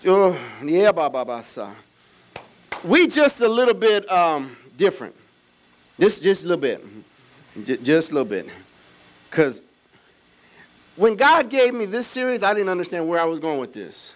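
A man pastor preaching an energetic sermon with call-and-response, swinging from shouts to quiet asides. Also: sits high, moderate pace, pauses often, rough recording. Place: church service with children present.

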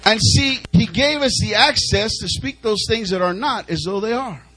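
A man's voice: high-pitched, lively intonation, moderate pace, sharp tone, low-quality recording. A male preacher delivering an emphatic sermon, repeating phrases as he urges the congregation on. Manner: emphatic, repetitive, urging the congregation.

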